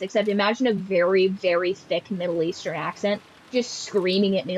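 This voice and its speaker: A woman's voice: mid-range voice, steady tone, a little fast, hardly any pauses, darkish tone, lo-fi sound, a little hiss or hum. A woman streaming a game, chatting casually with sarcastic, profane jokes.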